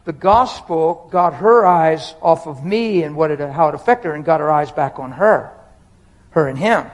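A man's voice: on the high side, moderate pace, rough recording. A man, a pastor, preaching a personal and emotional sermon in a conversational way, often talking straight to the crowd.

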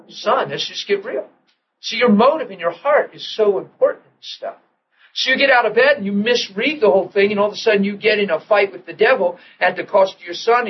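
Male preacher, fairly high voice, storytelling sermon with repeated restarts, dull recording. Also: slight background noise. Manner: animated storytelling, repeats and restarts, drops to soft tones for quoted prayers.

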